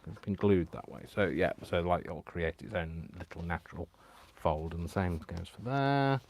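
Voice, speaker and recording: A man's voice: low voice, moderate pace, darkish tone, a little hiss or hum. A man chatting casually through a crafting tutorial at home, rambling and self-deprecating and chuckling often. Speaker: craft vlogger. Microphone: wired mic on a tripod setup.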